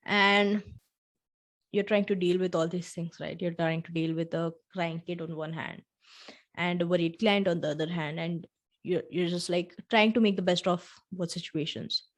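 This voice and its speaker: A woman's voice: lowish voice, fairly even intonation, normal speed. Earnest woman talking to podcast listeners. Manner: earnest, talks straight to the listener, acts out little dialogues. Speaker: podcast host. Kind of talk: solo podcast storytelling.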